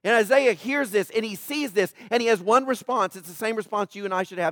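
Emphatic high-voiced male preacher. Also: a little fast, few pauses, no room sound, clean studio sound. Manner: emphatic, swinging between loud and hushed. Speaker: pastor. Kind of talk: sermon.

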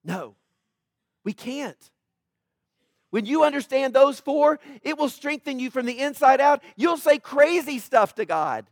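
Male pastor preaching, high voice, dry close sound, swings from loud declarations to hushed asides. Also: very animated, unhurried, no room sound. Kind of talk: sermon.

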